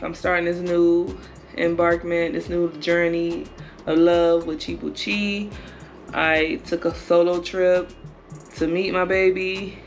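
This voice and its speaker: A man with a fairly high voice and a gravelly, fry-laden edge talks in a reflective, measured way, building his answer point by point. Soft music runs underneath. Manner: reflective and measured, lists reasons. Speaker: co-host of a couple's channel. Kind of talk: casual interview answer.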